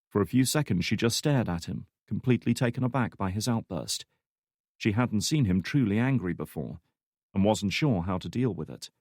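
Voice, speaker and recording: Brief: male narrator, lowish voice, steady thriller reading, dry booth sound. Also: normal speed, dry recording. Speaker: audiobook narrator. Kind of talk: scripted narration.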